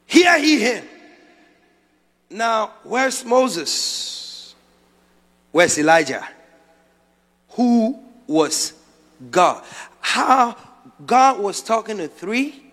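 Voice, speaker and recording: A man preaching a sermon as a prophet, dramatic, swinging from quiet asides to shouted lines. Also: sits high, lively intonation, drawn-out words, long pauses. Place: large church hall. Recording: long hall reverb.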